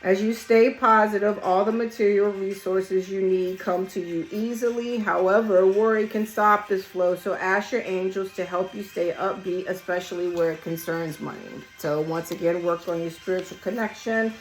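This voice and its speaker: A hoarse woman, losing her voice, giving a casual collective tarot reading in a blunt, emphatic way and swearing freely. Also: medium pitch, fairly even intonation, moderate pace, few pauses, faint music behind, rough recording. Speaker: tarot reader. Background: song playing quietly.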